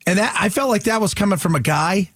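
A man co-hosting a radio talk show, speaking in a calm, analytical, agreeable way. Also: sits high, quick pace, slightly rough, dry recording, clean studio sound.

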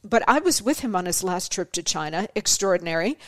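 A woman's voice: fairly low pitch, lively intonation, a little fast, a bit bright, dry recording, clean studio sound. A middle-aged woman hosting her own show, telling stories in a chatty way, laughing often and acting out the voices she quotes. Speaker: podcast host. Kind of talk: casual monologue.

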